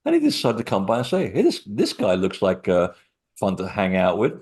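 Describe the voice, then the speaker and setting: Animated low-voiced man. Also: a little fast, slightly rough. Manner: animated, laughing storyteller. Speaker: guest speaker, author on sacred sites. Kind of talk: storytelling in a webinar talk.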